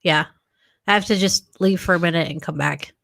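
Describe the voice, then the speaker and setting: A woman co-hosting a live recovery stream, speaking in a plain, relaxed, chatty way. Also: lowish voice, normal speed, creaky. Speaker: co-host. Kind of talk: casual live-stream chat.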